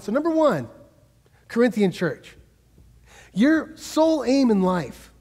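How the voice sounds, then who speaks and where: A man's voice: sits high, lively intonation, normal speed, a little mellow, big-room sound. A man giving a sermon as a guest preacher, talking to the congregation in a conversational way and asking them questions. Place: church sanctuary.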